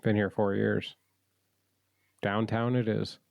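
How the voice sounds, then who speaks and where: A man's voice: lowish voice, flat delivery, slow pace, vocal fry, a little mellow, no echo. A man co-hosting a podcast, chatting casually with playful, goofy, teasing humor. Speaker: podcast co-host. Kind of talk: casual chat.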